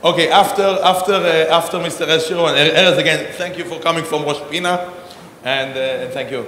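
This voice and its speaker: In a large, echoey conference hall with long reverb and slight background noise, a host introduces a panel on stage. His voice sits on the high side and is fairly bright, fairly quick with hardly any pauses, and he rambles with many fillers and restarts.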